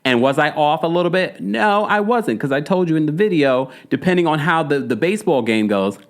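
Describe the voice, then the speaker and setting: A man's voice: fairly high pitch, animated, brisk. A man with a Jamaican accent in casual, playful commentary, chatting to viewers with laughs and asides. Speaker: celebrity news commentator. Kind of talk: casual chat.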